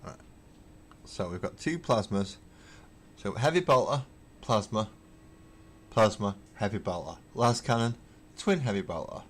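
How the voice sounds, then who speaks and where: A man hosting a casual livestream while painting miniatures, rambling wryly and thinking out loud as he answers viewer comments from his hobby room at home. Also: fairly low pitch, expressive, unhurried, pauses often. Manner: rambling, wry, thinks aloud with fillers. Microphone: webcam.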